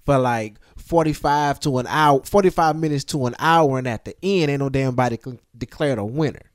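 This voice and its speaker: A man with a mid-range voice talks on a podcast, recorded dry and close. He goes through his complaints one point at a time in an even, measured manner. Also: medium pitch, dry recording. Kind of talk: casual chat.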